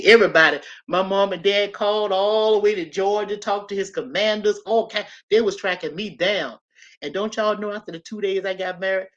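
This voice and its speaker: A woman in her fifties telling a personal story in a casual, animated way, talking straight to her listeners. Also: lowish voice. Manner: animated, chatty, addresses listeners directly. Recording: slightly dull lo-fi audio.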